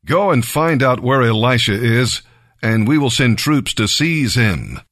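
A man's voice: mid-range voice, big pitch swings, unhurried, fairly bright tone. A man voicing a suspicious, angry foreign king in a Bible reading. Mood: demanding.

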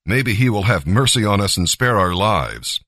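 A man's voice: lowish voice, very animated, moderate pace, fairly bright tone, no room sound, studio quality, exaggerated voice. A man voicing an urgent ship captain in a scripted scripture reading.

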